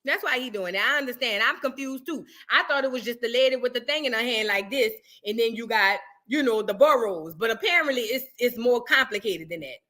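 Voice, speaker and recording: A woman hosting a reaction show in casual chat, reading articles aloud and riffing with animated asides in a New York accent. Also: fairly high pitch.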